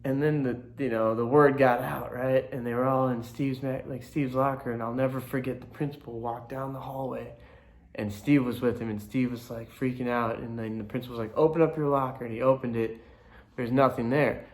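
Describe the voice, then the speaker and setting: A man's voice: medium pitch, flat delivery, normal speed. A young man casually telling stories from his school days, rambling with lots of fillers. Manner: laid-back, rambling, many fillers. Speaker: storyteller. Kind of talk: casual storytelling to camera.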